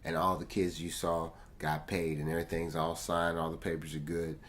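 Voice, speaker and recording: A man's voice: low voice, flat delivery, normal speed, a bit bright, slight background noise. A man casually reviewing an album track by track, talking in slangy, laid-back fashion straight to his viewers. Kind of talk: casual music review commentary. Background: faint music.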